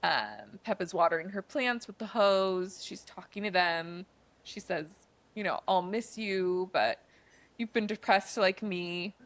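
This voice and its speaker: A woman's voice: fairly low pitch, a bit bright, dry recording. A woman co-hosting a podcast, casually retelling a movie's plot in a chatty way, with lots of "like" and "um" fillers. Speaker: podcast co-host.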